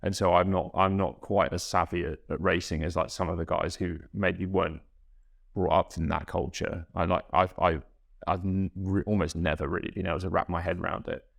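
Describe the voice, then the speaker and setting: A young man, a guest rower, reflecting in a halting, self-correcting way in a casual podcast interview. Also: low-pitched, level tone, gravelly.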